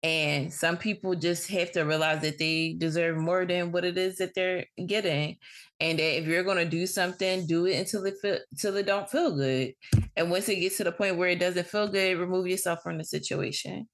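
A woman's voice: fairly low pitch, fairly even intonation, normal speed. Blunt, swearing woman podcast host. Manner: blunt, frank, swears freely. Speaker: podcast host giving advice. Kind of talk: casual advice monologue.

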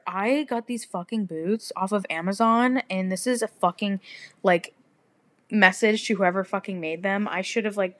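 A young woman from Texas hosting a podcast, talking bluntly in casual chat with heavy swearing. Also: medium pitch. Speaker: podcast host.

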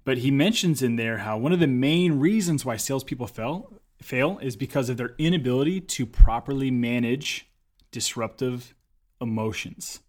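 A man co-hosting a casual conversation, telling stories and giving advice in an animated way. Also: mid-range voice, normal speed. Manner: storytelling, animated when acting out quotes. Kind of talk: casual chat.

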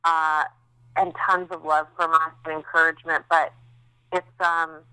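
A woman's voice: deep voice, flat delivery, measured pace, bright, forceful tone, clear, resonant tone, no echo, rough recording. A woman in her thirties, a podcast co-host recovering after childbirth, telling stories in a candid, chatty way with many fillers. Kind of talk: casual chat.

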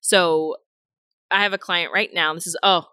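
Bright-voiced woman telling a story. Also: moderate pace, no echo, studio quality. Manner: animated, acts out quotes with big pitch jumps. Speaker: business attorney, podcast guest. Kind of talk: conversational podcast storytelling.

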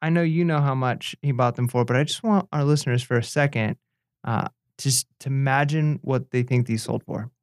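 A man's voice: mid-range voice, moderate pace, no echo. Laid-back male co-host, dry close sound. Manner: relaxed, hesitant, many fillers and restarts. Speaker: podcast co-host. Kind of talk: casual chat.

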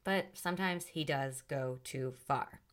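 A woman's voice: a bass voice, measured pace. A woman hosting a solo podcast, outspoken and sassy. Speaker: podcast host.

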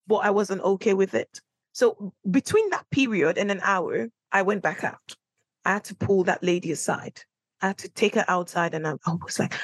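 A young adult woman hosting a solo podcast, chatting and telling a personal story in a lively way. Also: mid-range voice, a little fast, dry recording. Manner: chatty storytelling, animated when quoting herself. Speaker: podcast host. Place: small room, recording alone.

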